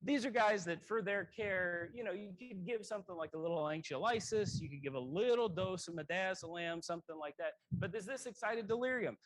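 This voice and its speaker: High-voiced man giving a casual lecture. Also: expressive, brisk, hardly any pauses, no echo, rough recording. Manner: conversational, self-correcting, frequent throat clearing. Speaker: emergency medicine lecturer.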